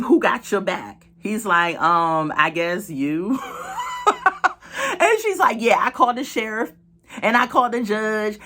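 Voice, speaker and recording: A woman casually recapping a reality show episode, talking straight to her viewers and acting out what people said. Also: mid-range voice. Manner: animated storytelling, acts out quotes; chatty, laughs, talks to viewers as "y'all" and "girl".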